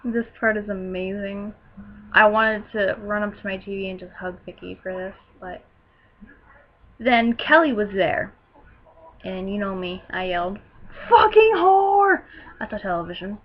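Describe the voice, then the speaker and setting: A teenage girl recapping a wrestling show in a casual, gushing way, breaking into loud excited outbursts. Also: medium pitch, measured pace, long pauses, highs cut off. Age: teens.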